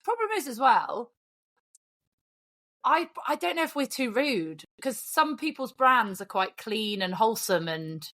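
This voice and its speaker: A woman's voice: on the high side, big pitch swings, unhurried, bright, forceful tone. Teasing, dry woman host. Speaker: podcast host. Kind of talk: casual chat.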